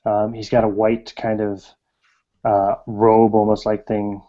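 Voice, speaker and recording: A man's voice: on the low side, completely flat delivery, a little slow, muffled recording. A man narrating as game master of a tabletop game, hesitant and full of fillers.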